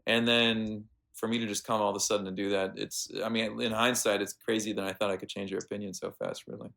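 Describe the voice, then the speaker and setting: An American man, a veterinarian guest, telling animated stories in a casual interview with plenty of fillers. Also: fairly low pitch, fast talker, gravelly. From United States. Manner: animated anecdotes with lots of fillers.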